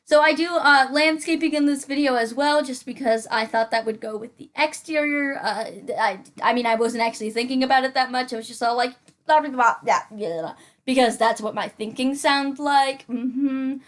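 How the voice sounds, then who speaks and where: A woman's voice: high-pitched, fairly even intonation, normal speed, few pauses. A young woman rambling casually over her gameplay, often mocking herself and talking to herself. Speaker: gaming channel host.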